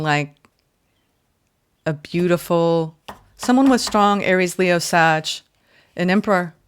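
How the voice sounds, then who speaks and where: Her fairly low voice is clear and resonant as she talks through a casual tarot reading. Expressive and emphatic, the reader alternates loud exclamations with soft murmurs, leaning on "right?" and "like".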